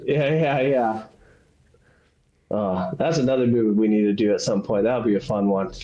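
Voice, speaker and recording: A man's voice: fairly low pitch, normal speed, mellow, muffled recording. A man co-hosting a movie podcast, joking and swearing freely in casual chat. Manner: blunt, swears a lot, jokey. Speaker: podcast co-host. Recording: echoey room.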